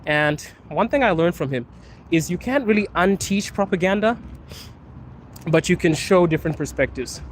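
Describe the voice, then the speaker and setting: A man's voice: high voice, animated, moderate pace. A man casually chatting on a live stream, answering viewer questions, laughing often and calling viewers bro. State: coughing from allergies. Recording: faint street and traffic noise.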